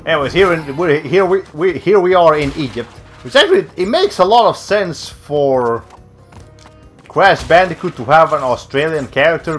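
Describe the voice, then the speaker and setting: A young man giving casual, rambling commentary while streaming a video game, often cutting himself off mid-sentence. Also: fairly high pitch. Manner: rambling, self-interrupting, with many fillers.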